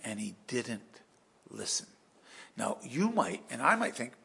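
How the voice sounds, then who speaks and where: A male pastor preaching a sermon in an emphatic, dramatic storytelling manner that swings between hushed and loud. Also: mid-range voice, very animated, normal speed, gravelly, husky.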